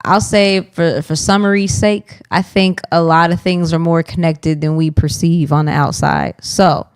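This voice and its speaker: A woman with a notably low voice speaks earnestly on a faith podcast. Her tone stays thoughtful and reflective. The sound is dry and close to the mic. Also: fairly even intonation, measured pace, smooth, dry recording. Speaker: podcast co-host.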